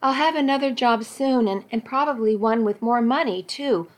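A woman's voice: a little high, moderate pace, natural voice. A woman voicing a remorseful young husband who mumbles and pleads in a spoken story. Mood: pleading.

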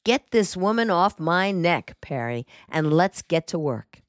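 A woman voicing a sardonic, stooped male detective with a slow, dry drawl, in an audiobook. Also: on the low side, sing-song, dry recording.

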